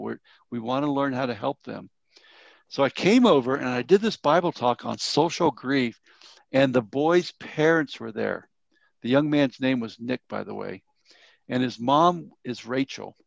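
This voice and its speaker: A middle-aged man, a church elder, teaching a grief workshop through a personal story in an earnest way, sometimes dropping to a soft, low tone. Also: gravelly, no echo. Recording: slightly dull, dry sound.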